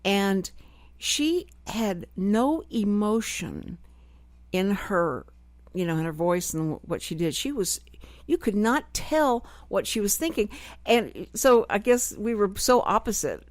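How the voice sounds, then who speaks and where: A woman's voice: mid-range voice, slow pace, no echo. A middle-aged woman hosting a radio talk show, chatting freely and expressively with no filter. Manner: expressive, no-filter talker who acts out quoted voices. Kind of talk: casual radio chat. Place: radio studio.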